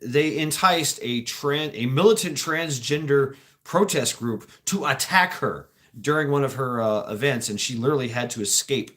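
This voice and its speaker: A man hosts his own stream and talks off the cuff. His delivery is halting and rambling, with restarts, swearing and laughs as he answers chat. His pitch sits in an ordinary middle range. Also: fairly bright tone. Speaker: livestream host reading chat. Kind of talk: casual talk, reacting to chat.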